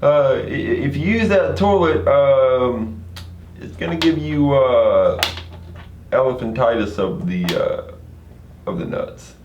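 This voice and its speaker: A man voicing a playful, scheming male genie in a quick, teasing voice during a storytelling podcast. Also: mid-range voice, expressive, darkish tone, dull audio. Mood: sly. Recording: roomy with faint noise.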